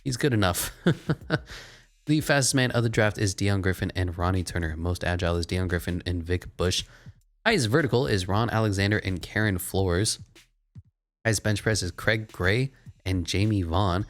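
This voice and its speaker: A man giving casual, sarcastic running commentary while playing a video game, swinging between mocking asides and excited play-by-play. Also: deep voice, normal speed.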